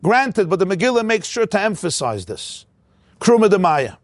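A man's voice: high-pitched, big pitch swings, moderate pace, no room sound. A man giving a Torah study lecture, walking through a text with rhetorical questions. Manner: explains by posing rhetorical questions. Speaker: Torah teacher.

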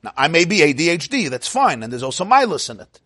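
Male rabbi-teacher, a bit high and husky, loose conversational lecturing with frequent laughs, dry sound. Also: big pitch swings, fast, pushed and bright, no echo. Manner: chatty, digressive, laughs often, quizzes listeners. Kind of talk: informal Torah class lecture.

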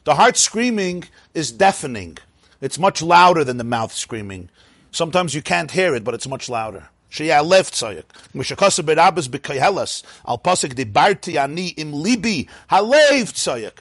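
A man leads a Chasidic text class in a slightly high, husky voice. He chants Hebrew lines in a sing-song and breaks into lively explanations, recorded close and dry. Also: moderate pace, dry recording. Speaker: Torah teacher.

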